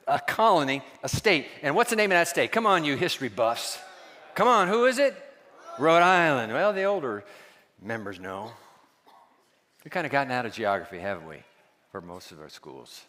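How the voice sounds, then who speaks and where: A man preaching a sermon as pastor, quizzing his congregation and dropping to hushed asides. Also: medium pitch, very animated, moderate pace, long pauses, long reverb tail.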